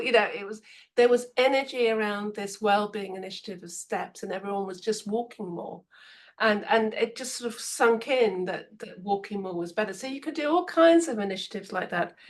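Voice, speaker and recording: A woman giving management advice in a conversational way, telling stories and acting out what people said. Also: mid-range voice. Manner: lively storyteller, acts out quotes, frequent laughs. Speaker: podcast guest expert on management.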